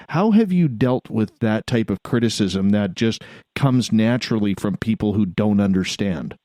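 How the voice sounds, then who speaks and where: A man with a low, mellow voice hosts a late-night radio show from a dry, close studio. He asks his guest long questions in a polite, measured way. His voice stays dark and even throughout. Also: no room sound. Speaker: radio host.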